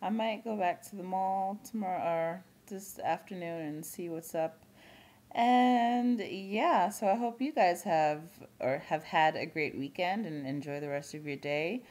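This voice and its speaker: A young woman vlogging in casual chat, talking quickly with lots of fillers and frequent laughs. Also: lowish voice, darkish tone.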